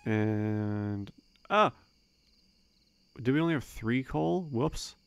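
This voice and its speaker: A young man giving relaxed, rambling gameplay commentary, thinking aloud with frequent fillers. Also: medium pitch, drawn-out words, vocal fry, a little hiss or hum. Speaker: let's play gamer.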